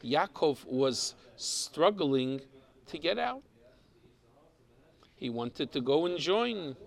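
A man with a teaches a Torah class, moving slowly through each verse. His voice has a gravelly, creaky texture, and he often stops to repeat a word while he thinks. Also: on the high side, a bit bright. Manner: explains Hebrew text, mixes Hebrew and English terms.

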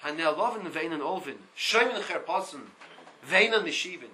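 High, bright-voiced male Torah teacher. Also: moderate pace, long pauses, rough recording. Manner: reads Hebrew text and translates line by line; animated, repeats words. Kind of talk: Torah class.

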